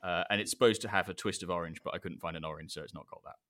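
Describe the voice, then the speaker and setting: Low bright-voiced male podcast host. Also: rapid-fire. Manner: chatty, explains at length with fillers. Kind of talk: casual podcast chat.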